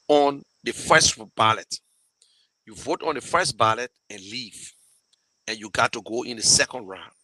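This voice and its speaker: A man with a Liberian English accent talks casually to his viewers as host, in a bright, forceful voice. He is emotional and rambling, circling back and restarting often. The sound is close and dry, with no room around it. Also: medium pitch, dry recording, rough recording. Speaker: show host fundraising for a campaign. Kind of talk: casual live talk to viewers.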